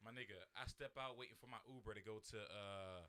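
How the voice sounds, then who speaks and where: A man's voice: lowish voice, a little fast. A young man, a podcast co-host, telling a story in casual slang and acting out the people in it. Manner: animated, slangy, acts out the voices of people in his story.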